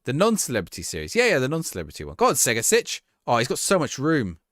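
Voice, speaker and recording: Young man, live game streamer, lively pitch, dry close sound, rambling chat. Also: quick pace, no echo. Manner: chatty, rambling, laughs easily. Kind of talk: casual gameplay commentary, reading chat.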